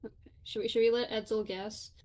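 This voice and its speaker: A young woman co-hosting a gaming stream, chatting casually with playful jokes and quick asides. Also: on the high side, flat delivery, a little mellow. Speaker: streamer co-host.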